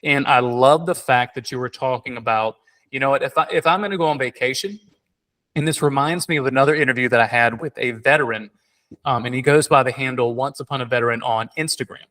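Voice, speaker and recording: A man in casual podcast conversation, spinning an animated personal story. His voice has a bright, pushing quality. He stumbles, restarts and piles on fillers as he goes. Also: medium pitch, fast talker. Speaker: podcast host.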